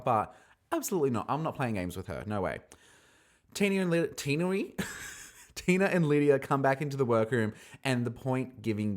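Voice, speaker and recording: A man talks through a reality show episode in a casual solo podcast, playful and animated. His pitch swings widely as he acts out quotes in shifting voices.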